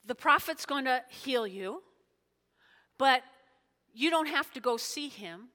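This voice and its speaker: Woman playing a young male messenger, plain and explaining, high voice, echoey hall. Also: lively intonation, slow, sharp tone, heavily acted.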